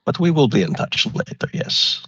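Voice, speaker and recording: A man playing a formal adventurer who makes sun rods and holy water, speaking in slow, old-fashioned phrasing. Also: mid-range voice, sing-song, a bit bright, breathy edge, no room sound, lo-fi sound.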